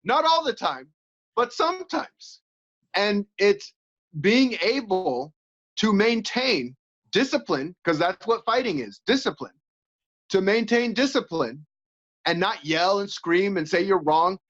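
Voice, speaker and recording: A man with a high voice talks as an interview guest, lively and animated, slipping into little acted-out voices. The audio is dull and lo-fi. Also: a little slow. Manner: animated, acts out inner voices with laughs. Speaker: podcast guest, coach and former fighter. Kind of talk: casual interview chat.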